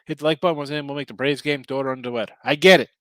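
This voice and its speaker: A man's voice: medium pitch, steady tone, racing, fairly bright tone, dry recording. A middle-aged man hosting a sports betting show, chatting casually with viewers, rambling and correcting himself, a bit tired. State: tired, yawning. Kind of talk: casual livestream chat.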